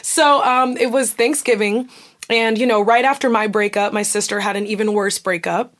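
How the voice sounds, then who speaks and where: A woman's voice: medium pitch, moderate pace. A young woman hosting a casual talk show, telling a personal story candidly and acting out the voices of people in it. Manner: candid, animated, acts out quoted voices.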